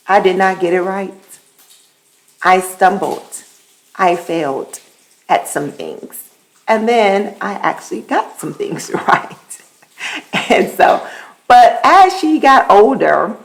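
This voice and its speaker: A woman hosting a podcast, telling a casual personal story in an animated way, laughing often and repeating words for emphasis. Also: fairly low pitch, gravelly, poor audio. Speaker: podcast host.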